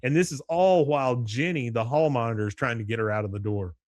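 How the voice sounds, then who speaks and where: A man hosting a podcast, retelling scenes in a lively chat and jumping into higher voices for the characters' lines. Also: fast talker, dry recording. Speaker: podcast host recapping an episode. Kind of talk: casual chat.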